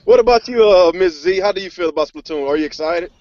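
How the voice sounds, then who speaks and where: A man hosting a casual gaming podcast, upbeat and quick to laugh as he turns to each guest. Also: high voice. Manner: lively, laughing, calls guests by nicknames. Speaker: podcast host. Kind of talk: casual chat. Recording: dull lo-fi recording.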